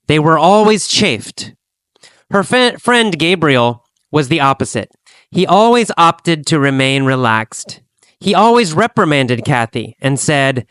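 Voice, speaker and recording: A man teaching an English lesson, speaking slowly and deliberately and repeating phrases for learners to copy. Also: a little high, very animated, fairly bright tone, clear, resonant tone, no echo. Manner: slow, deliberate, repetitive drilling.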